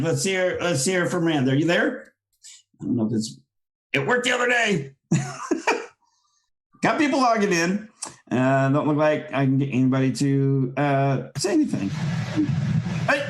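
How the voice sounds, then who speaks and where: Easygoing male call-in show host. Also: sits high. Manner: easygoing, chatty, thinks aloud while working the call software. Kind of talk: casual call-in show hosting.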